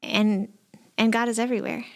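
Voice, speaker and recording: Gravelly-voiced woman pastor, reflective. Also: on the high side, flat delivery, brisk. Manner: reflective, rambling with fillers. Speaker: pastor and podcast co-host. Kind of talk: casual conversation.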